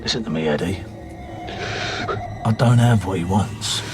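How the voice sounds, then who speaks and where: An actor playing a tough London robber, talking bluntly and guardedly, in a film with music behind. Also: male voice, low voice, unhurried. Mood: tense. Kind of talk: film drama.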